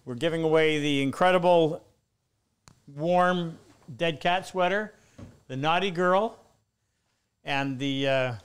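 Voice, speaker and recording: A man's voice: on the high side, fairly even intonation, unhurried, pauses often, clear, resonant tone. A middle-aged man hosting a live woodworking stream, chatting loosely with frequent restarts. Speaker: host.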